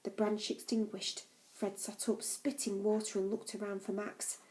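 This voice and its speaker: Female audiobook reader, calm storytelling, mid-pitched mellow voice. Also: normal speed, poor audio. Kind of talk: reading a novel aloud.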